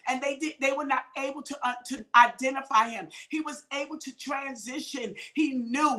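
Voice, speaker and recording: High-voiced woman preaching emphatically. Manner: emphatic, questioning, bursts into loud shouts. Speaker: minister and show host. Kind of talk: preaching talk show.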